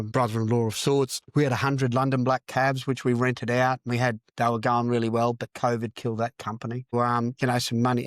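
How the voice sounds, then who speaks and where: A man's voice: mid-range voice, no echo, clean studio sound. An older Australian man, a podcast guest, telling his story candidly in a blunt, profane way and repeating phrases for emphasis.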